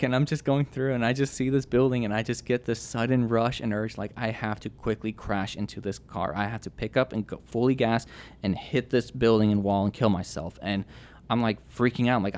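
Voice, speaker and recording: A young man telling his personal testimony as a podcast guest, earnest and halting, with many restarts and fillers. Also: on the low side, fairly even intonation, darkish tone, smooth.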